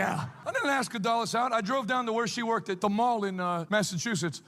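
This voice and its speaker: A man preaching and telling stories with a bold, fiery delivery that rises into shouts. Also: high voice, quick pace, hardly any pauses, a little hiss or hum. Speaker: evangelist preacher. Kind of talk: preaching and storytelling.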